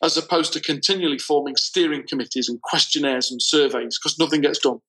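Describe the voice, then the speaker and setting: Storytelling man, slow emphasis. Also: fairly high pitch, fairly even intonation, sharp tone, low-quality recording. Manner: storytelling, deliberate, slows for emphasis. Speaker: guest. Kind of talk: casual conversation.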